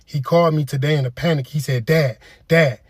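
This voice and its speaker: A man telling comic stories in a deadpan, casual slang delivery. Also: a little high, quick pace, slightly rough, dry recording, studio quality. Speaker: comedian. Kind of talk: comedic storytelling skit.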